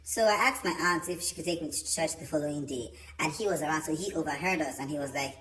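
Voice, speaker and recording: A young man telling a storytime vlog, chatty and animated, with many fillers. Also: a little high, quick pace, hardly any pauses. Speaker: vlogger. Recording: roomy echo.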